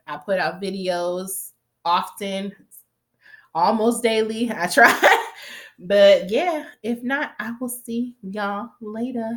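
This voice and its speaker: Chatty, swearing woman recapping a show. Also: mid-range voice. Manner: chatty, animated, swears freely, quotes characters. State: stuffy nose from allergies. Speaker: TV recap vlogger. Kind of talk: casual recap review.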